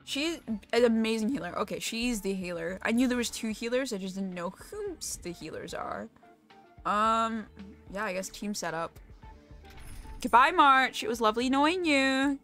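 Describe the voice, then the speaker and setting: A young woman streams a game while chatting casually, swearing freely and making fun of herself. Her medium-pitched voice is expressive at a normal speed, with soft music in the background.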